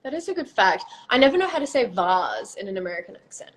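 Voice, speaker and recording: A young Australian woman chats on a phone live stream, giggly and loose, often dropping into a near-whisper. Her voice sits at a middling pitch. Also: very animated, quick pace, slight background noise, poor audio. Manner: chatty, giggly, trails off into whispers. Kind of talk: casual chat. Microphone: phone on a video live stream.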